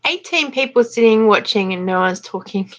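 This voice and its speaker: An Australian woman hosting a casual live chat, chatty and quick to laugh, reading out viewer comments. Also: on the high side, expressive, muffled recording. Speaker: livestream host.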